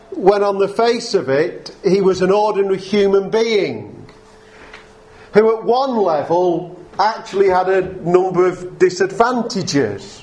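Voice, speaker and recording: A man preaching a sermon to a congregation, talking in an unhurried way with frequent fillers and restarts. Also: on the high side, a little mellow.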